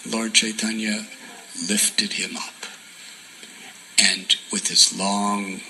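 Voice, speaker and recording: A man giving a sermon as a devotional story, soft-spoken and often dropping to a near whisper for emphasis. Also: fairly low pitch, level tone, takes it slowly, pauses often, slight background noise, low-quality recording. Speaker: spiritual teacher.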